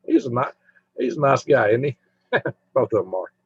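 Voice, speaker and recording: A man's voice: medium pitch, sing-song, moderate pace, breathy edge, dry recording. A man hosting a casual live stream, rambling as he chats with viewers and humming to himself. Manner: rambling, chatty, hums to himself while browsing. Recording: dull lo-fi mic sound.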